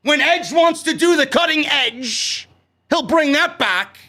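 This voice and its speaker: A man with a New York accent reviewing a wrestling show in a loud, sarcastic, profane rant that breaks into shouts. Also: very high voice, lively intonation, slow. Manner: loud, sarcastic, swears a lot, shouts often.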